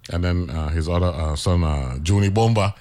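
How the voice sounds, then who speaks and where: A very deep-voiced man hosts a radio show from the studio, and he speaks. He is animated and chatty, repeats his words often, and keeps asking whether you follow him. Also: moderate pace. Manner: animated, repeats words, says "you know what I'm saying". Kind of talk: casual radio chat.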